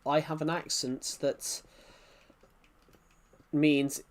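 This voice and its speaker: A man with a thick regional accent, chatting on a live game stream in a rambling, halting way with many restarts. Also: fairly high pitch, level tone. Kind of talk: live-stream chat while gaming.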